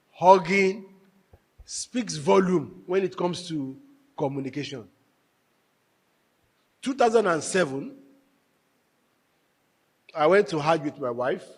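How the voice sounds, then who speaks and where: A man giving a marriage workshop talk to a live audience, telling stories with animated, emphatic repetition. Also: on the high side, slightly rough. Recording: echoey hall with long reverb.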